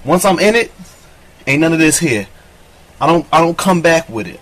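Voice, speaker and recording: Profane, rambling man with a higher voice. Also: animated, normal speed, fairly bright tone, a little hiss or hum. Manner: boastful, profane, rambling storytelling. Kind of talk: crude comedic monologue.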